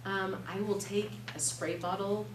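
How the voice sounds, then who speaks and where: A woman in her thirties teaching an evening class, chatty and animated, telling stories with quick laughs. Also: medium pitch. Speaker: class instructor. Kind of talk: live classroom demonstration. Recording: echoey room, distant mic, faint noise.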